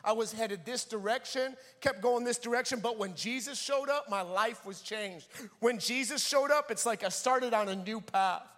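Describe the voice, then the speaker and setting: A man's voice: extremely high pitch, normal speed, hardly any pauses, big-room sound. A young man giving a sermon in a church, telling a personal story and acting out the people in it. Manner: animated storyteller, acting out voices. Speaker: preacher.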